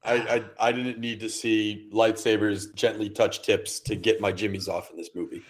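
Laid-back man with a lowish voice. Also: little pitch movement, moderate pace. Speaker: podcast guest. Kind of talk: casual chat.

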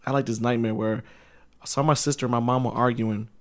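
A man's voice: mid-range voice, fairly even intonation, quick pace. A man co-hosting a podcast in casual chat, using slang and swearing and laughing often. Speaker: podcast co-host.

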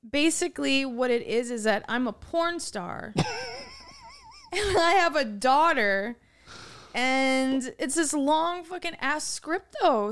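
A woman's voice: sits high, animated, takes it slowly, fairly bright tone. A young woman in casual podcast chat, telling a story with lots of laughing and reading messages aloud. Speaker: guest.

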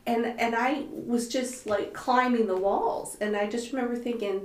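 A woman in her fifties, hosting a podcast, chatting casually with her husband and telling animated stories with frequent laughter. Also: on the high side, moderate pace, hardly any pauses. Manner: animated storyteller, laughs often. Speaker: podcast host. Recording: echoey room.

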